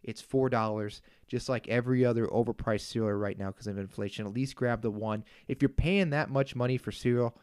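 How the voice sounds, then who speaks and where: Animated man ranting on a podcast. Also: mid-range voice, fairly quick, few pauses, clean tone, no room sound, clean studio sound. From Kansas. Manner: animated, exasperated ranting with frequent asides. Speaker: podcast host. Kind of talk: casual solo podcast rant.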